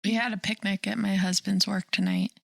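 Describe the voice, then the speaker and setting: A woman co-hosting a podcast in casual chat, talking slowly and breaking into loud laughter. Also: medium pitch, little pitch movement, creaky, dry recording. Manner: slow, drawling, bursts of loud laughter. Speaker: podcast co-host. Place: podcast studio.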